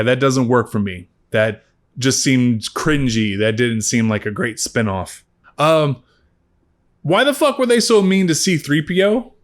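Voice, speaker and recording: A man giving a casual spoken movie review, rambling and swearing freely with animated asides. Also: mid-range voice.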